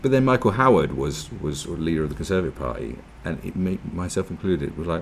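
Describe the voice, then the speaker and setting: A man's voice: deep voice, animated, fairly quick, vocal fry, few pauses, a little hiss or hum. A man giving a casual, sweary, sarcastic commentary, reacting to an article with mocking asides. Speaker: political commentary vlogger.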